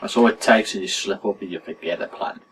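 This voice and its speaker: A man's voice: fairly low pitch, fast, a little hiss or hum. A young man co-hosting a let's play, casually chatting with short offhand remarks. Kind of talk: casual gameplay commentary. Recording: distant mic with game music behind.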